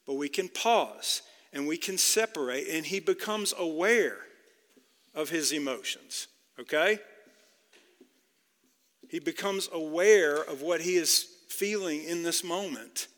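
A man's voice: a little high, a bit bright, long reverb tail. A male pastor preaching a sermon in an earnest way, with many restarts and repeated words.

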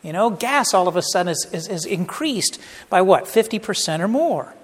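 A man's voice: high-pitched, expressive, normal speed, husky, in a large hall. A middle-aged man preaching a sermon as pastor, conversational, with humorous asides.

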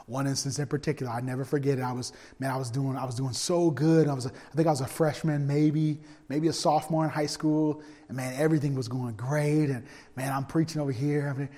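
A man preaching a sermon through personal stories, animated and humorous, swinging from loud bursts to hushed asides. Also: mid-range voice, brisk, few pauses. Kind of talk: storytelling sermon. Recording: long hall reverb.

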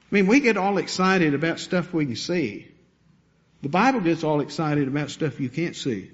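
High-voiced man preaching with animated emphasis. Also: moderate pace, muffled recording. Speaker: pastor. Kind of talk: sermon.

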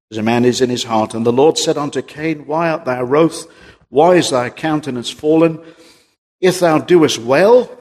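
A man preaching a sermon, rising to high emphatic peaks and then dropping low and quiet. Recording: long reverb of a large hall.

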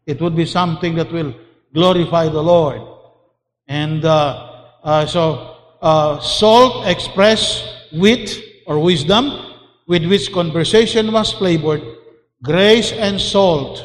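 Preacher guy, high voice, slow and emphatic, big echoey hall. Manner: emphatic, repeats key phrases, mixes in Cebuano. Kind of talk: sermon. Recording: long hall reverb.

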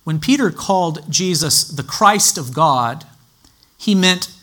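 A man teaching a sermon in a measured, explanatory way, citing scripture references as he goes. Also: on the high side, animated, pushed and bright. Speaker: Bible teacher.

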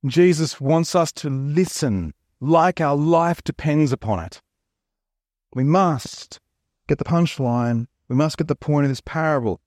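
A man's voice: a little high, a little slow, darkish tone, dry recording, studio quality. A man with an Australian accent preaching a sermon, telling stories and jokes in a chatty, conversational way. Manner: chatty, joking storyteller. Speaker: pastor.

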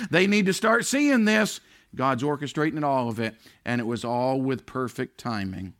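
High, gravelly preacher with sharp tone. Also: male voice. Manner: swings between loud drawn-out emphasis and low near-whispered lines. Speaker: pastor. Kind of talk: sermon.

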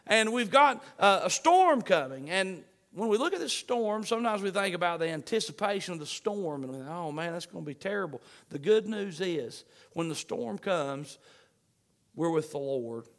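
A man with a high-pitched voice preaches a sermon to his congregation. He repeats key phrases again and again and builds to moments of emphasis. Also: fairly bright tone. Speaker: pastor.

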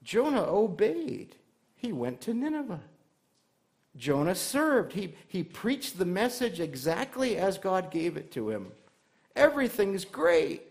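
Man, pastor, slightly high voice, conversational sermon, rhetorical questions, light humor. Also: sing-song, slow.

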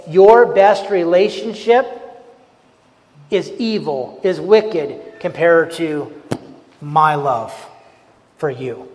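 A man in his forties preaching a sermon, asking rhetorical questions, repeating phrases and swinging from loud to soft. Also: sits high. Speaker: pastor. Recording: long hall reverb.

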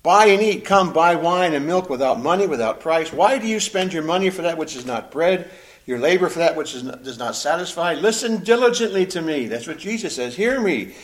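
A pastor delivers a sermon in a fairly high voice for a man. He reads scripture loudly and slowly, then sinks to a low, quiet voice for his own remarks. When he pleads, he repeats his words. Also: animated. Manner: swells loud and slows when reading scripture, drops low and quiet on asides.

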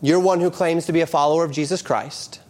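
A middle-aged male pastor preaching a sermon, moving from quoted scripture into lively storytelling. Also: fairly high pitch, quick pace.

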